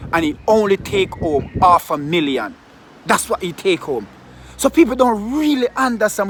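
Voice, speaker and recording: A man's voice: sits high, background noise. A man, venting in a heated football vlog full of swearing and repeated rhetorical questions. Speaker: football fan vlogger. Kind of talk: ranting vlog.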